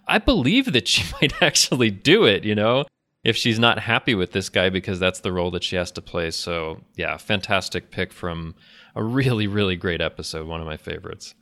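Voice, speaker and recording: Low-voiced man hosting a podcast. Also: lively intonation, fairly bright tone. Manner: measured, leads the discussion. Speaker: podcast host. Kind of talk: casual podcast chat.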